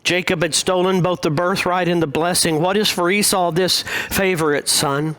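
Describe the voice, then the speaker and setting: Man, pastor, sermon, slightly high voice, slow deliberate delivery with pauses. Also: steady tone, a bit bright. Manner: measured, deliberate preaching with frequent pauses.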